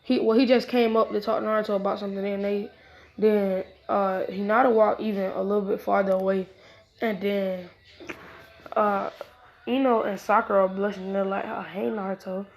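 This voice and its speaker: A woman's voice: mid-range voice, flat delivery, moderate pace. A woman improvising a fan-fiction story aloud, rambling in casual slang with many restarts.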